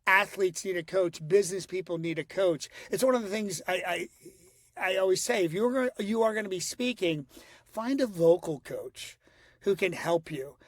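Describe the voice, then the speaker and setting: A middle-aged man talks animatedly about voices as a podcast guest, often dropping into quick impressions. His voice sits high for a man. The sound is close and very dry. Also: dry recording. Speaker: guest voice coach. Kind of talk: podcast conversation.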